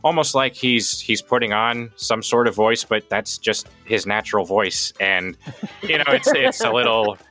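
A man's voice: fairly low pitch, sing-song, normal speed, bright, forceful tone, soft background music. A man who is a voice actor, talking casually in an interview, rambling and hesitant with lots of fillers. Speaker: voice actor guest.

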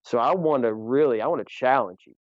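A man's voice: mid-range voice, quick pace, dry recording, muffled recording. A man, a guest author on a faith podcast, speaking emphatically and issuing a challenge, with frequent restarts.

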